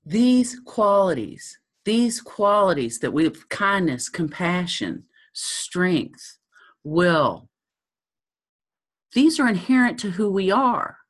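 A woman giving a thoughtful teaching talk, halting often with ums. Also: mid-range voice, sing-song.

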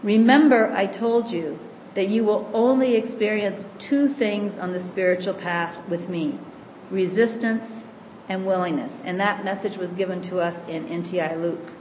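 A woman giving a calm, gentle spiritual teaching, explaining and slowing down to stress key lines. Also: mid-range voice. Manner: calm, gentle and explanatory, often slows for emphasis. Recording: echoey room with faint background noise.

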